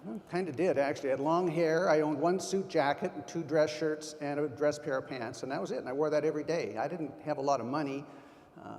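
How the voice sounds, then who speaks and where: A man's voice: fairly high pitch, darkish tone. Older man giving an emphatic conference talk. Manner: emphatic, anecdotal storyteller. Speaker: keynote speaker at a sales conference. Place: large conference hall. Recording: long hall reverb.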